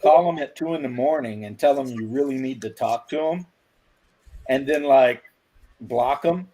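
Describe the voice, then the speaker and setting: A man's voice: mid-range voice, normal speed, dark tone, a little hiss or hum. A man in casual chat, rambling and telling crude jokes, laughing at his own stories.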